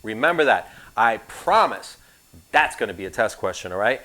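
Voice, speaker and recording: A man's voice: on the low side, sing-song, moderate pace, bright, forceful tone. A man teaching an insurance course in a recorded class, with sarcastic, joking asides.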